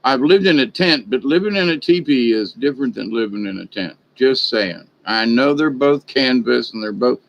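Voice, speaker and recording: A man's voice: medium pitch, moderate pace, vocal fry, hardly any pauses, dull audio. A man talking in a casual, rambling vlog monologue, folksy and chatty. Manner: folksy, chatty, animated in retold exchanges. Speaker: vlogger.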